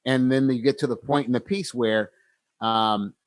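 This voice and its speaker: A man's voice: medium pitch, steady tone, normal speed, no room sound. A man co-hosting a podcast, retelling story scenes in a casual way and acting out the characters' lines. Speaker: podcast co-host.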